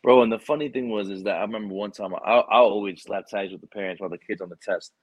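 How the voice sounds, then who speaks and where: A man, a military recruiter, chatting casually and telling rambling, animated stories full of quoted dialogue and swearing. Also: fairly low pitch, fast, breathy edge, no echo. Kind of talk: casual chat.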